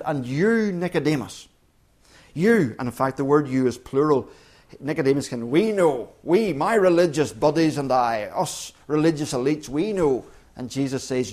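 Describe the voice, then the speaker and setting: Guy preaching a sermon, bit higher voice, earnest, punches certain words hard. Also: lively intonation, normal speed. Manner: earnest, emphatic, with frequent restarts and sudden loud stresses.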